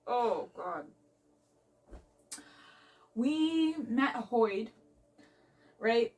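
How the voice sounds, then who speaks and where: A young woman chats about her reading from a bed nook, recorded on a phone set back from her. She speaks slowly, with plenty of fillers, and her voice sits a little high. She keeps gushing with excitement. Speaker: book vlogger. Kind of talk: casual reading vlog chat. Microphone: phone camera. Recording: voice from a distance.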